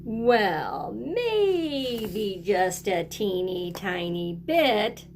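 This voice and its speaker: A woman voicing an anxious crocodile in a read-aloud picture book, drawn-out and dramatic. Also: mid-range voice, big pitch swings, a little mellow, slight background noise, exaggerated voice. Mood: dramatic worry.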